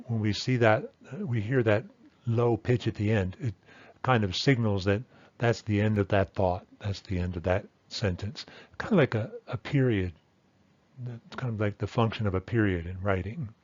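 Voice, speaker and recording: Low-voiced guy walking through a language lesson, dry close mic, kinda muffled sound. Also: no room sound. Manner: methodical, repeats key points, says "okay" and "right?". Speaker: Thai language teacher. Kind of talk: explanatory lesson.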